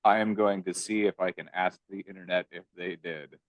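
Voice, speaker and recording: A man co-hosting a podcast, making wry, deadpan comments in a casual movie chat. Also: low-pitched, fairly quick, no echo. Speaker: podcast co-host.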